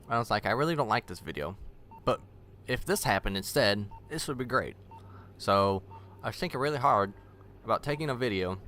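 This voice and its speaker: A man's voice: lowish voice, sharp tone. A man rambling casually in a vlog, blunt and swearing freely. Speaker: vlogger.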